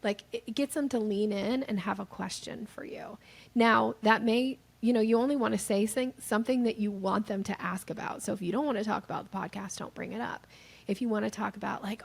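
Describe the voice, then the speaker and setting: Her gravelly, husky, medium-pitched voice moves fairly quickly as she guests on a podcast about sales techniques. She's lively and animated, putting on voices for the people she quotes.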